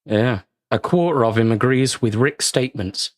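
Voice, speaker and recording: A man's voice: medium pitch, animated, normal speed. A man co-hosting a casual livestream, crude and joking, laughing a lot. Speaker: co-host.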